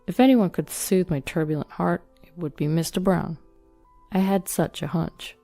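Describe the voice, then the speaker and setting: A woman reading a first-person story as scripted narration, in an even, plain manner. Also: on the low side, normal speed, gravelly, dry recording. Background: soft background music.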